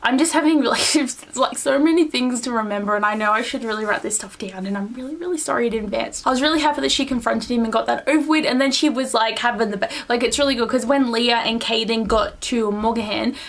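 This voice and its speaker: A young woman reviews a book in a casual vlog, gushing and rambling, leaning heavily on "like" and acting out quotes. Her voice is on the high side, and she talks fast with hardly any pauses.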